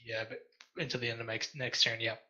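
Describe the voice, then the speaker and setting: Bright-voiced apologetic gamer guy. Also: mid-range voice, fast talker. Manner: apologetic, self-deprecating, excitable. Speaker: player. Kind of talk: casual tabletop game chat.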